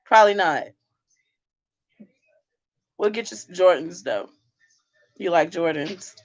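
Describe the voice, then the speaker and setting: A woman hosting a casual livestream while drinking, sassy and animated as she talks back to the chat from home. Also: medium pitch. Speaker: livestream host.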